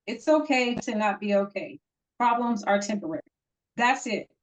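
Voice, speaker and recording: A woman's voice: on the high side, lively intonation, normal speed. A woman co-hosting a casual podcast, telling a story in a heated, emphatic way. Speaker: podcast co-host. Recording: dull lo-fi audio.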